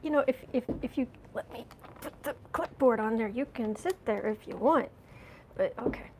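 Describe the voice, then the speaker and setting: A chatty American woman with a slightly high voice hosts a casual live stream. She rambles and restarts her sentences, clearing her throat again and again because her nose is running and her eyes are watering. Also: brisk, darkish tone, a little hiss or hum, low-quality recording. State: runny nose and watery eyes after a coughing fit. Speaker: astrology and tarot channel host.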